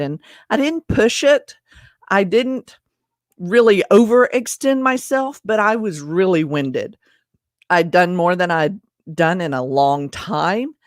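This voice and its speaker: A woman's voice: medium pitch, no room sound, studio quality. A woman vlogger telling a personal story in a chatty, self-deprecating way, speaking straight to her viewers. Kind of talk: casual storytelling to camera.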